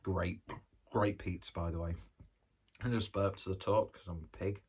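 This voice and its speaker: A man talks his way through a pizza review in a loose, rambling style, eating as he goes. His voice sits low and deep. It has a husky, slightly rough texture. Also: fairly even intonation, normal speed, darkish tone. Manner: rambling and chatty, talking while eating. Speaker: food reviewer. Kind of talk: casual food review vlog.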